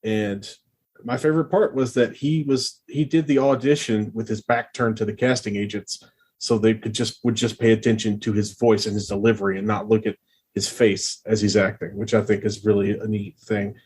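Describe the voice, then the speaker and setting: A man co-hosting a film podcast with a lowish, husky voice, casually passing on background trivia. He pauses now and then with small fillers as he explains. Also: fairly even intonation, darkish tone. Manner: informative, shares trivia with some hesitation. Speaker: podcast co-host.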